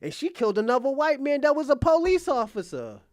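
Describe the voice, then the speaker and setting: A man's voice: very high-pitched, big pitch swings, fairly quick, dry recording. A man speaking in a blunt, profane casual rant to his viewers as an online commentator, often insisting that he is being honest and laughing between lines.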